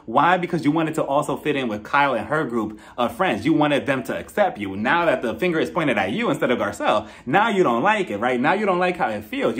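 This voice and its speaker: A man recapping a reality show in casual, sassy, gossipy commentary. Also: fairly high pitch. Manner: gossipy, sassy, quick to laugh. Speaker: reality TV reviewer.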